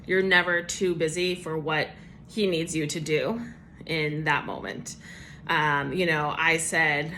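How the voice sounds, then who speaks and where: Bright-voiced woman sharing a church testimony. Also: deep voice, steady tone, slow, slight background noise. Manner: casual, chatty with many fillers and laughs. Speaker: church member giving a devotional. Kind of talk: personal testimony devotional.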